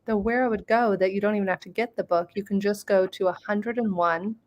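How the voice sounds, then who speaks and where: A middle-aged woman, a guest author, talking in an enthusiastic, expressive way in a motivational interview and often breaking into laughter. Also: mid-range voice, brisk, dull audio.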